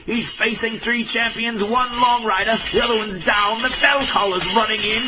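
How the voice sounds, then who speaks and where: A man giving dramatic, excitable play-by-play commentary, swinging between hushed remarks and shouted exclamations. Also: high-pitched, normal speed, few pauses. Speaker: podcast host. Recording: dull lo-fi audio with loud music.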